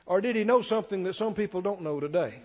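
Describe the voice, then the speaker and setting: A preacher man with a high voice delivers a sermon, reading scripture aloud with rising emphasis and pressing his congregation with questions. The sound has a long church reverb and a muffled, lo-fi tone. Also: fast talker, a little mellow.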